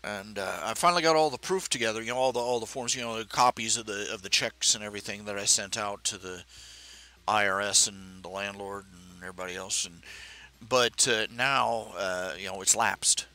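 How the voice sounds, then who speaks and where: Halting man rambling on a live stream. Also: on the low side, pushed and bright. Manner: halting, many fillers and restarts.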